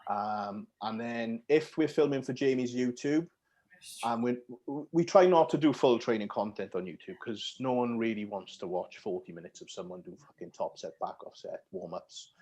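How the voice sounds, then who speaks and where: A man's voice: medium pitch, normal speed. A young man with a Yorkshire accent talks casually on a podcast. He swears freely and lets the ends of his sentences drop away to a mumble. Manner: swears freely, trails off quietly at phrase ends. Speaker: podcast guest, gym videographer.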